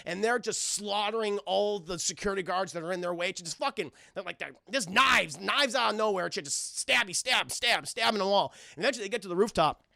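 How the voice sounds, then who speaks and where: A man streaming a casual cartoon recap, talking to his chat in an animated, profane way. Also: high voice, brisk, creaky, hardly any pauses, no room sound, clean studio sound.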